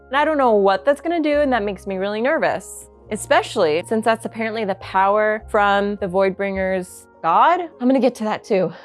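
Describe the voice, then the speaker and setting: Excitable woman chatting about a book. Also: mid-range voice. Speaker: book reviewer. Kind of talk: casual book reaction chat.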